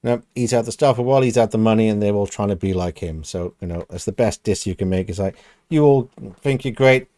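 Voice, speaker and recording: A British man talks through his reactions in a casual, rambling way, padding his thoughts with "you know." His voice sits low and mellow. The sound is dry and close. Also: level tone, fast, hardly any pauses, dry recording. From United Kingdom. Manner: rambling, thinking aloud with many "you know"s. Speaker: reaction video host.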